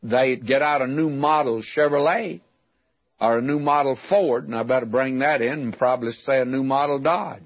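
An older preacher from West Texas teaches through a Bible passage in a folksy, homespun way, asking rhetorical questions and telling stories from his boyhood. His voice is a little husky, and the sound is dry and close. The recording is muffled and lo-fi, like an old radio broadcast. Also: mid-range voice, moderate pace, no room sound.

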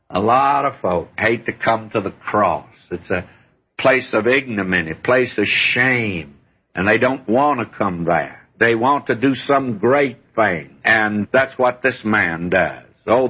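A man's voice: on the low side, expressive, takes it slowly, breathy edge. An older man preaching a sermon in a folksy, earnest way, often calling his listeners friend. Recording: dull lo-fi sermon recording.

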